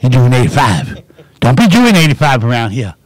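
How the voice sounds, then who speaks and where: A man's voice: medium pitch, big pitch swings, brisk, no room sound, pitched below the performer's own voice. A man voicing a tiny, stern male state trooper with a clipped, drawling delivery.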